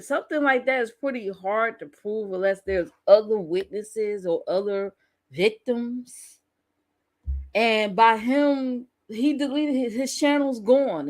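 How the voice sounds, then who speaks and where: A woman hosting a casual commentary channel, talking bluntly and candidly and often laughing as she reacts. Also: mid-range voice. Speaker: YouTube commentary host.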